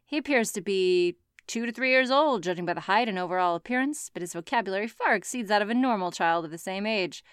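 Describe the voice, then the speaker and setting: A woman's voice: mid-range voice, animated, fast talker, few pauses, clear, resonant tone, dry recording, lightly acted. A woman voicing a smug, condescending grown man detective, speaking dryly. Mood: matter-of-fact. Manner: dry, condescending.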